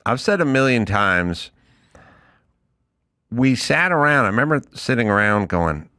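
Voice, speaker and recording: Middle-aged guy hosting a podcast, blunt jokey riffs, bright edgy tone. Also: mid-range voice, animated, a little slow, clear, resonant tone. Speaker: podcast host. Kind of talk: casual chat.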